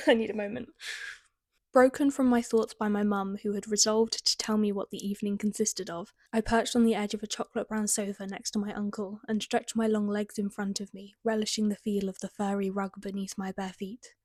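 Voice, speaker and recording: A woman's voice: mid-range voice, flat delivery, normal speed, darkish tone, dry recording. Wry young British woman reading aloud. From Britain. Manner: wry, self-mocking, laughing asides. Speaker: author reading her teen writing. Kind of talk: reading aloud with comic commentary.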